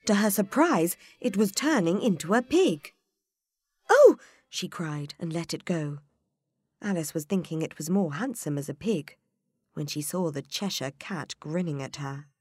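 A woman narrating a children's storybook in an expressive, unhurried way. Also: lowish voice, slightly rough, dry recording, studio quality.

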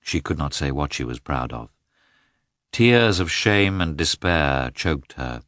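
A man narrating a classic novel as an audiobook, in an expressive, measured telling. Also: rumbling low, dry recording, clean studio sound.

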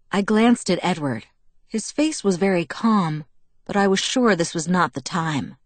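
Woman audiobook narrator, lowish voice, dry close recording, steady first-person telling. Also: measured pace, no room sound.

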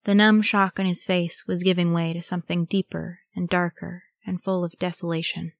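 A woman reading a fantasy story aloud in a measured, solemn narration. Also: lowish voice, level tone, creaky, no room sound. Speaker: audiobook reader.

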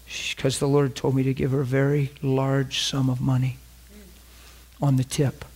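A man's voice: mid-range voice, completely flat delivery, moderate pace, a little mellow, breathy edge. A middle-aged man preaching a sermon, telling a story and acting out the dialogue.

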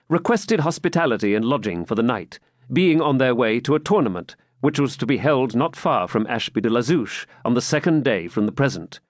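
A man narrating a classic novel as an audiobook in a measured, dramatic way. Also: medium pitch, dry recording, studio quality.

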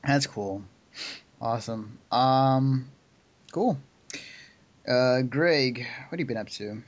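A man's voice: medium pitch, slow, no echo. A young man hosting a casual podcast chat, talking with lots of fillers and easy laughs. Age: young adult. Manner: chatty, many fillers and laughs. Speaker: podcast host. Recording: dull lo-fi audio.

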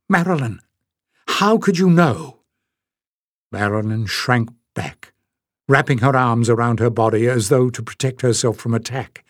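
Guy reading a fantasy book aloud, even steady narration, dry studio sound. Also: mid-range voice, no room sound. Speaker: audiobook narrator. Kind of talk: scripted narration.

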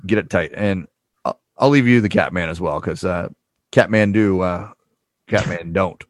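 A man with a fairly deep voice talks through a TV episode in a relaxed podcast chat. He often stops on ums and uhs as he gathers his thoughts. The recording is dry and close, with no room sound. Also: dry recording. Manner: halting, with frequent ums and uhs. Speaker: podcast co-host. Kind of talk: casual chat, recapping a TV show.

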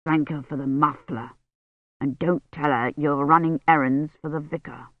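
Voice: mid-range voice, moderate pace, dry recording, narrow, tinny audio, close to an everyday voice. Narrator voicing a cautious, weary older don. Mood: hushed. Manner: hushed, cautious.

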